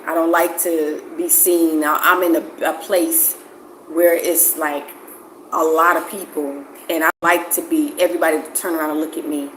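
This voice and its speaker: A woman's voice: low-pitched, roomy sound, a little hiss or hum, rough recording. A woman vlogging in casual talk to camera, candid and personal, thinking aloud as she speaks.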